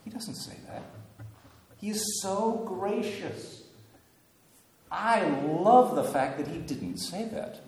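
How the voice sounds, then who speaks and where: A man preaching a sermon, telling a story in an animated way with wry humorous asides. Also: high voice, slow pace, long pauses. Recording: echoey hall with long reverb.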